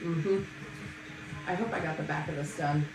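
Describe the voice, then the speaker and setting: A woman hosting a casual live stream selling wigs, bantering loudly and laughing with viewers. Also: sits low, fairly even intonation, moderate pace, distant mic. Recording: roomy sound from off-mic with faint music.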